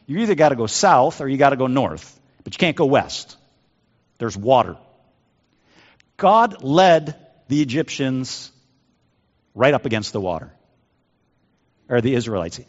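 A male pastor preaching a sermon in a dramatic, animated way, swinging between loud and soft, recorded in a church sanctuary with a dull sound and long reverb. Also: medium pitch.

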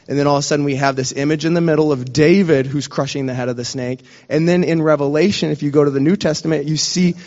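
A man's voice: on the high side, a little mellow, long reverb tail. Passionate man preaching, muffled sound. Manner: passionate, emotional, trying not to cry. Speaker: pastor. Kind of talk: sermon.

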